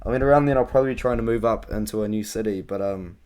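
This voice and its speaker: A man's voice: on the low side, racing, a little mellow, clear, resonant tone. Chatty young man vlogging fight picks. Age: young adult. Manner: chatty, rambling, frequent ums and uhs. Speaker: MMA vlogger. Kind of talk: casual fight-prediction vlog.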